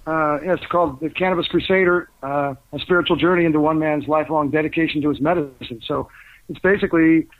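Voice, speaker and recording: Older male guest, fast rambling storyteller, slightly high voice, tinny phone-like line. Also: steady tone, no room sound. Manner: rambling, anecdotal, lots of fillers and restarts. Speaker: author and guest. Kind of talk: casual interview storytelling. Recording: tinny phone-like dry sound.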